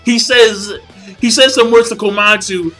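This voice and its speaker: A young man with a high, bright voice rants excitedly through a casual video review, piling on curses and slang. Faint music plays beneath his talk. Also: measured pace, low-quality recording. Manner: hyped, profane, slangy fanboy gushing. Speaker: manga chapter reviewer.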